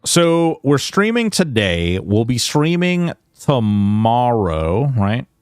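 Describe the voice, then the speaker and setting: A man's voice: medium pitch, big pitch swings, takes it slowly, clean tone, dry recording, clean studio sound, faint music behind. A Canadian man streaming a video game, chatting in a rambling, casual way and swearing now and then. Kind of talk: casual gaming stream chat.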